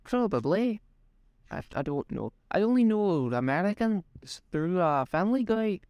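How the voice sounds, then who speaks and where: A man's voice: sits high, big pitch swings, normal speed, darkish tone, dry recording, clean studio sound. A man chatting on a podcast in a hesitant way, often restarting his sentences. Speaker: podcast co-host. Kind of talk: casual chat.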